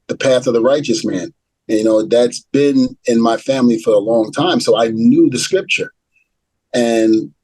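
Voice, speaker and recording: A man's voice: mid-range voice, a little mellow, slightly rough, no echo, low-quality recording. A middle-aged man, a retired wrestler being interviewed, telling a story and acting out the dialogue as he goes. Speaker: retired pro wrestler, guest.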